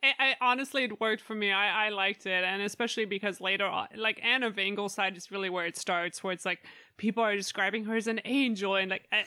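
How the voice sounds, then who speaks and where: A woman's voice: mid-range voice, steady tone, quick pace, sharp tone, clear, resonant tone, no echo. A woman in casual conversation who laughs often and restarts her sentences. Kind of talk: casual chat.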